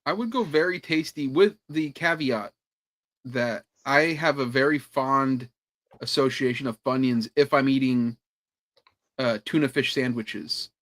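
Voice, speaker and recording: A man's voice: medium pitch, measured pace, a bit bright. A man co-hosting a podcast in casual chat, telling stories with laughs and swearing. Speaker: podcast co-host.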